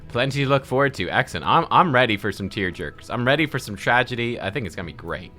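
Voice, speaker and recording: A male game streamer with a bright, forward voice and a very lively pitch, chatting playfully while he plays. He keeps reading characters' lines aloud and testing out accents, with faint music under him. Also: fast talker, hardly any pauses. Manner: playful, reads dialogue aloud trying accents. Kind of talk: live game playthrough commentary.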